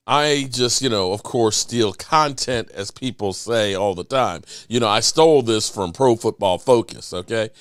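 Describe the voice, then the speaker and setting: A man's voice: mid-range voice, clean tone, no echo, studio quality. Chatty middle-aged male sports host. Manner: rambling, chatty, with shout-outs to viewers. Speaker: podcast host. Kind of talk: casual sports talk show. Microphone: desk microphone.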